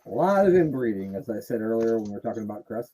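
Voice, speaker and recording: Husky-voiced joking podcast host man. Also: mid-range voice, big pitch swings, fast talker, dark tone, rough recording. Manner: joking, profane, riffs in funny voices. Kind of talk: casual chat.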